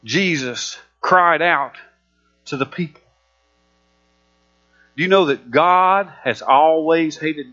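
A man's voice: medium pitch, sharp tone. A man preaching a sermon, emphatic and repetitive, building fervor as he retells scripture. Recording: muffled lo-fi recording with mains hum.

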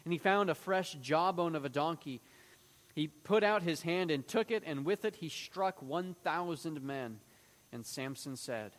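Guy doing a bible lesson, reads the verses then acts out the quotes, voice sits a bit high, long echo trailing after. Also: unhurried. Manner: animated, acting out quoted speech in a raised voice. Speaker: Bible teacher. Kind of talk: Bible teaching with scripture reading.

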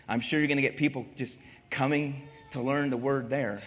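A man's voice: mid-range voice, fairly even intonation, normal speed, hardly any pauses, a bit bright, big-room sound. A male pastor preaching a sermon in a conversational way, often asking his listeners rhetorical questions.

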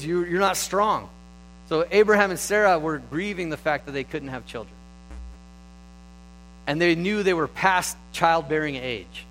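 A man giving a sermon, retelling stories in a relaxed, conversational way with animated stretches. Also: a little high, a little hiss or hum, poor audio. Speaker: preacher.

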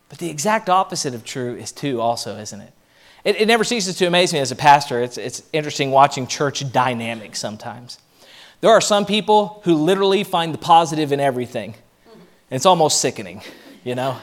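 A male pastor with a noticeably high-pitched voice delivers a sermon with lots of energy. He keeps acting out the voices of the people he describes. The delivery is conversational and lively. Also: brisk. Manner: animated, acts out quoted voices.

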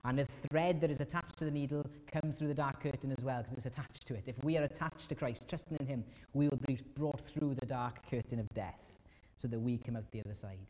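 A man preaching to his congregation, earnest and plain-spoken. His voice is mellow and relaxed, carried on a long hall reverb. He voices anguished prayers with a sudden lift in pitch. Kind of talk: sermon. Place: church hall.

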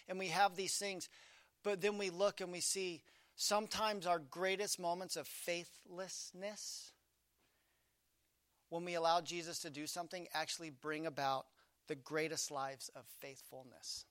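A man preaches with a high-pitched voice, recorded close and dry with no room sound. He swings from loud, emphatic lines down to quiet, intimate ones. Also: little pitch movement, a little slow, no room sound. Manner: dynamic preaching, swinging from loud emphasis to hushed low delivery. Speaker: pastor. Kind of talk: sermon.

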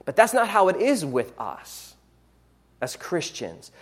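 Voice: medium pitch, huge pitch swings, slow pace, husky. A preacher delivering a sermon in an earnest teaching manner, sometimes stopping to correct a word.

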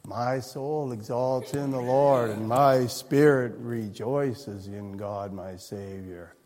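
A man doing a flat, slow young woman. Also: mid-range voice, voice pushed down, close to an everyday voice. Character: young woman praising without any feeling. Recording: long reverb in a hall.

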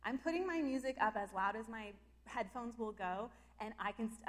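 Woman, slightly high voice, casual testimony, animated and emotional, loose and chatty with fillers. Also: normal speed. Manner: emotional and animated, lots of "like" fillers, breaks into laughter. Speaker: Christian speaker sharing personal testimony. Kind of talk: casual personal storytelling.

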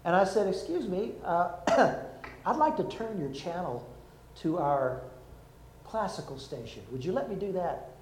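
A man's voice: high voice, a little slow, roomy sound, a little hiss or hum, rough recording. An older man preaching a sermon, telling stories and acting out the people in them. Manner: lively storytelling, acts out quotes. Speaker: preacher, former army chaplain.

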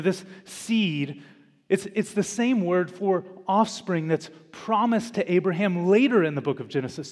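A man preaching a sermon as pastor in a church, slow and deliberate, with dramatic pauses and emphatic repetition. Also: fairly high pitch, a little mellow. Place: church sanctuary. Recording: long church reverb.

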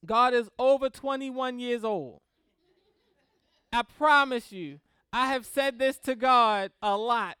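A woman teaching a Christian class on grief in a lively, conversational way, often laughing and checking in with the class. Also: a little high, slow pace, smooth, dry recording, clean studio sound. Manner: animated, laughs often, acts out prayers in quotes; checks in with "right?" and "okay?".

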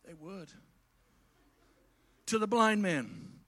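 In an expressive, high voice and a little slowly, a man delivers a folksy sermon straight to his congregation, alternating hushed asides with shouted climaxes.

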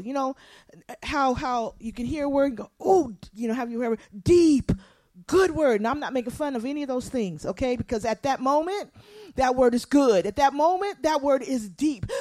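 A woman pastor preaching a sermon, animated, acting out quotes and asking the congregation to respond. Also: high-pitched, brisk, dry recording.

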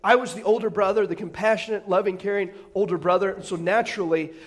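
A man's voice: high voice, fairly even intonation, fast. A middle-aged man, a pastor, preaching with humorous personal stories and self-deprecating jokes, often restarting his phrases. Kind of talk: storytelling sermon.

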